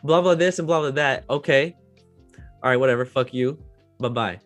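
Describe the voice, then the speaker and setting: A man hosting a casual chat, speaking profanely with lots of filler words, mostly low-key with loud outbursts. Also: normal speed, no echo, faint music behind. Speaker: host.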